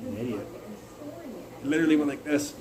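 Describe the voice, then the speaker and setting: A man's voice: on the high side, a little fast, a crowd in the background, poor audio. Blunt, profane young man livestreaming. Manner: blunt, profane, rambling, restarts mid-sentence. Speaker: live streamer. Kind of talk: casual rambling live-stream chat. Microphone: phone.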